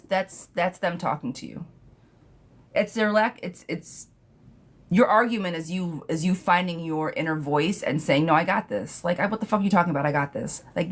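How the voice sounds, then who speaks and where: A young woman reading tarot on a live stream, casual and sassy, who laughs often and swears freely. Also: lowish voice.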